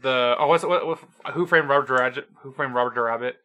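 A man's voice: mid-range voice, fast, pushed and bright. A man in casual chat reviewing a movie, easygoing and chatty with lots of um and like. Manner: easygoing, lots of fillers, laughs along. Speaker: co-host.

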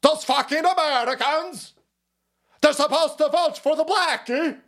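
A man voicing an outraged male lizard-person elite, yelling shrilly. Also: very high voice, a little slow, pitched above the performer's own voice, exaggerated voice.

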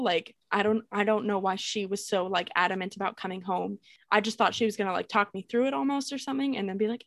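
A young woman casually telling a ghost story on a podcast, animated, laughing and swearing as she goes. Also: medium pitch, fast talker, no room sound. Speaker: podcast co-host.

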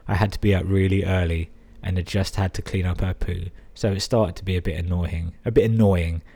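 A man's voice: deep voice, steady tone, a little fast, dark tone. A man hosting a podcast, reading out listener emails and breaking in with crude, amused asides. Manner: crude, sweary, amused interjections. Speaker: podcast host.

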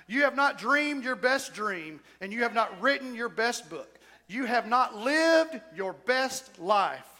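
A man preaching a sermon as pastor, with shouted whoops and emphatic repetition. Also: extremely high pitch. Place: church sanctuary. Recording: church hall reverb.

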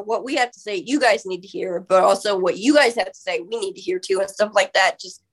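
Female podcast guest, mid pitch, candid, earnest, casual language. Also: a little fast.

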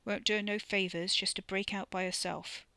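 A woman voicing a blunt, unbothered man who gives flat, firm warnings. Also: medium pitch, moderate pace, no echo.

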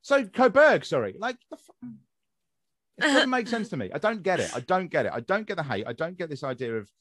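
A man's voice: on the high side, very animated, quick pace, a bit bright, dry recording, studio quality. A young man hosting a casual podcast chat, ranting and swearing freely as he talks. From England. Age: young adult. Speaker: podcast host.

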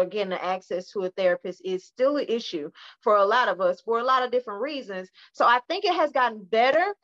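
A woman's voice: mid-range voice, a bit bright, highs cut off. A woman in her forties, a therapist co-hosting a podcast, talking emphatically in casual chat and repeating points for stress.

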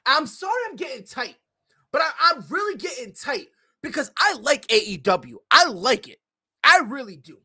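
A young adult man hosts a podcast, ranting in a profane, fired-up, slang-heavy way as he shares strong opinions casually. His voice is high, sharp and slightly rough.

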